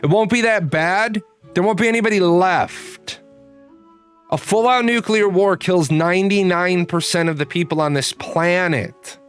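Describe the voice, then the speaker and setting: A man's voice: sits high, measured pace, clear, resonant tone. A man in his forties hosting a live stream, answering chat in a blunt, profane, rambling way. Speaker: streamer host. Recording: faint guitar music behind.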